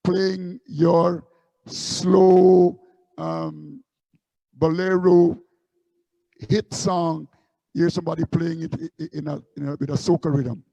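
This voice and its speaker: A man's voice: a little high, fairly even intonation, slow pace, creaky, pauses often, warm tone, no echo, lo-fi sound. A man from Guyana, a street musician recalling his busking days in a loose, rambling way. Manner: rambling anecdotes with many restarts. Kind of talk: casual storytelling interview.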